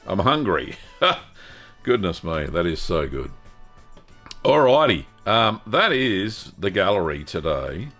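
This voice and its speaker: An Australian man hosting a live stream about home cheese-making, chatting in a relaxed way with plenty of ums and quick self-corrections. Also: sits low, faint music behind. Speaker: host.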